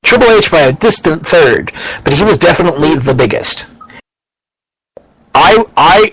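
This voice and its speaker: A man's voice: on the high side, fairly bright tone, slightly rough, no echo, rough recording. A man co-hosting a casual podcast, rambling and opinionated, swearing freely and restarting his sentences often. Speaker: podcast co-host. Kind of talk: casual wrestling podcast chat.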